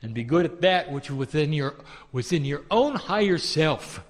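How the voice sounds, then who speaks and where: A man giving a channeled spiritual teaching, calling listeners "dear one" and asking rhetorical questions in a soft, deliberate way. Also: a little high, expressive, big-room sound.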